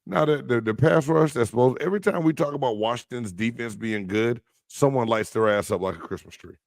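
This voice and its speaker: A man's voice: mid-range voice, brisk, no echo. A man co-hosting a sports podcast, arguing football points emphatically in casual debate. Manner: emphatic, argumentative football fan.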